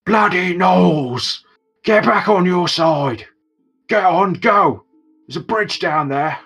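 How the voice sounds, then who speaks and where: Guy doing a bellowing orc guard, suspicious, raised pitch, faint music under it. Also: big pitch swings, normal speed, husky. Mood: shouting, suspicious. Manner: shouted, loud and blustering. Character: shouting orc sentry, gruff and suspicious.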